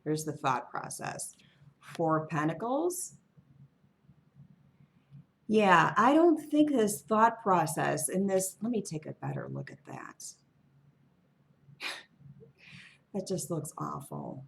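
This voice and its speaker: Slow, low-voiced woman reading tarot. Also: wildly swooping pitch, gravelly. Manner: musing, wandering, offhand asides. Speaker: tarot reader. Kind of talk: casual tarot reading monologue.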